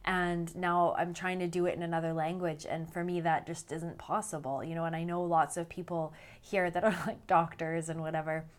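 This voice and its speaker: A woman's voice: lowish voice, normal speed, hardly any pauses. Chatty North American woman vlogger. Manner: animated, laughs often, exaggerated quoted voices. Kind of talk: casual chat to camera.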